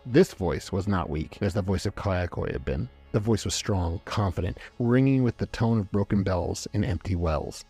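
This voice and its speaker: A man narrating a story aloud in a measured, dramatic reading. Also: sits low, expressive, a little mellow, breathy edge. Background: faint background music.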